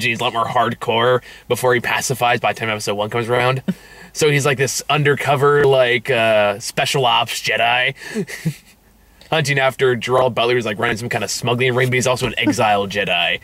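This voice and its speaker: Male host, bright timbre; loose, profane, laughing movie-review banter. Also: medium pitch, no room sound. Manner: laughs often, swears, rambling asides. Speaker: podcast host. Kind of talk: casual movie review chat.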